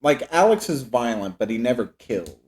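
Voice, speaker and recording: A man's voice: medium pitch, big pitch swings, moderate pace, a little mellow. A young man co-hosting a movie podcast, chatting casually and joking as he trades takes on a film. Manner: joking, trails into laughs, puts on quoted voices. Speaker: podcast co-host. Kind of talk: casual movie review chat.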